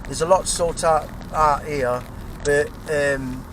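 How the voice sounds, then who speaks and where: Agitated English man, high-ish voice. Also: steady tone, takes it slowly, background noise. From England. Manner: agitated, repetitive, restarts often. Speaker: vlogger. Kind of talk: rambling personal monologue.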